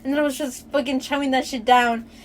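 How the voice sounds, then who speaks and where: A young woman hosting a casual podcast chat, excitable and laughing often, swearing freely. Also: high voice, fast, slight background noise. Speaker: podcast host.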